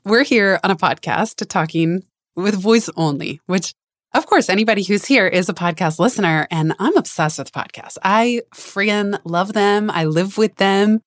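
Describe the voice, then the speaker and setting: A woman's voice: mid-range voice, moderate pace, no room sound, studio quality. A woman hosting a podcast interview, effusive and enthusiastic in a casual chat. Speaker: podcast host.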